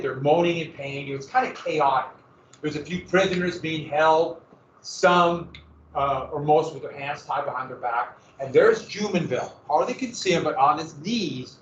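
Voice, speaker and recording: A man's voice: on the high side, slight background noise. Male history teacher, dramatic, far off. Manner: vivid dramatic storytelling with sudden loud bursts. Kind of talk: classroom lecture. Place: classroom. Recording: echoey, dull classroom recording from afar.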